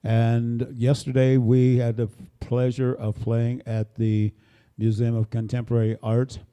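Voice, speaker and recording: An older man chats from a small stage, rambling through introductions with plenty of jokes. His voice is mellow and dark, sitting at an ordinary pitch. He sounds relaxed and easygoing, like a bandleader at home with his audience. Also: unhurried, clean tone. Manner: jovial, rambling, joking. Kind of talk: casual stage banter. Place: small performance space, live audience. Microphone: stage microphone.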